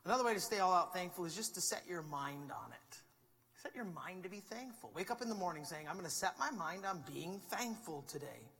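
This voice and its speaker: A man preaching a sermon as pastor, talking in a conversational, animated way and acting out quotes. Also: high-pitched, a little fast, gravelly, husky, big-room sound. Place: church sanctuary.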